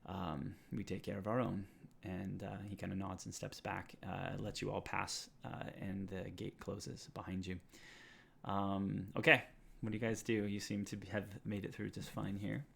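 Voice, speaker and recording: A man narrating a tabletop game as game master, halting with many filler sounds. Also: low-pitched, flat delivery, creaky, bright, forceful tone, slightly rough.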